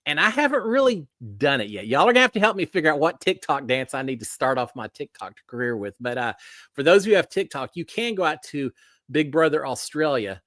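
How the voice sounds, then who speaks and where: A man with a drawl hosts a casual livestream chat. His voice is lively, rising and falling a lot as he greets viewers by name. The sound is dry and close, with no room around it. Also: fairly high pitch, fairly quick, dry recording. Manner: folksy, greets viewers by name, many fillers. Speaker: livestream host.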